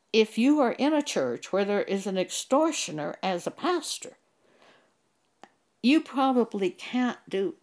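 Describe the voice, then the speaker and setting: An older woman giving an earnest, emphatic Bible teaching, quoting scripture and telling of her own church experiences. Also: fairly low pitch.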